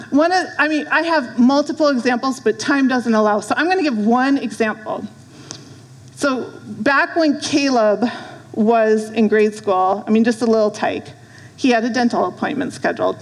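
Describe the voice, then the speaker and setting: Middle-aged woman, guest preacher, higher voice, earnest storytelling, long hall reverb. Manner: earnest storytelling with asides to the room. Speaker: guest speaker. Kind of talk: sermon. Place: church hall.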